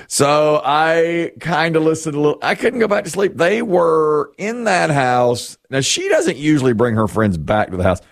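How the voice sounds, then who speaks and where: A middle-aged man chats casually on a talk show, rambling through a wry story about his own household. He laughs at himself often, and his pitch rises and falls a lot as he goes. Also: sing-song, moderate pace, gravelly, few pauses, dry recording, clean studio sound. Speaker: radio show host. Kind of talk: casual chat.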